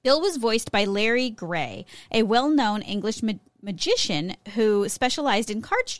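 A woman's voice: on the high side, big pitch swings, unhurried, no room sound. A woman co-hosting a podcast, reading a prepared segment in a casual way, with small slips and self-corrections. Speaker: podcast co-host presenting a segment.

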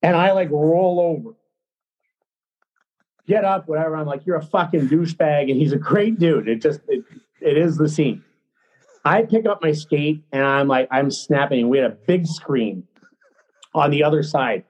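A middle-aged man, a former hockey player, telling a story as a podcast guest in a blunt, excitable, profane way. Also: on the high side, measured pace, long pauses, muffled recording. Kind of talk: casual storytelling.

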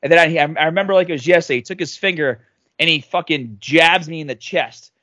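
A man in his late thirties tells a story on a podcast, his voice sitting a little high for a man. He is animated and loudly acts out the voices he quotes. The sound is dry and close to the mic. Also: brisk, no room sound. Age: 30s. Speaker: podcast guest. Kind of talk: casual storytelling.

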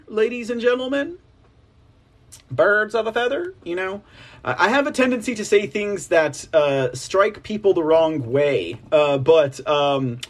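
A man with a fairly high voice hosts a political news show, rambling from point to point. He drops sarcastic asides, repeats his phrases and keeps calling out to his audience as ladies and gentlemen. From United States. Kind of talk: casual political commentary.

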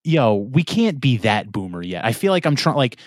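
Man, podcast host, mid-pitched voice, laid-back casual chat, lots of fillers, dry sound. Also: very animated, normal speed, no echo.

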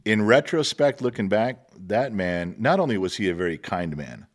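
Deep-voiced man telling stories. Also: big pitch swings, moderate pace. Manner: chuckles often, acts out quotes. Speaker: guest. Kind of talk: casual storytelling. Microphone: podcast microphone.

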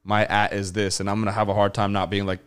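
A man's voice: on the low side, monotone, fast, fairly bright tone, smooth. A man co-hosting a casual podcast, teasing and swearing. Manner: teasing, profane. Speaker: podcast co-host.

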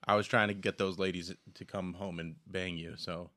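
A man's voice: deep voice, flat delivery, normal speed, pushed and bright. A young man hosting a live podcast, chatting casually in a joking, laid-back, rambling way. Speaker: podcast host.

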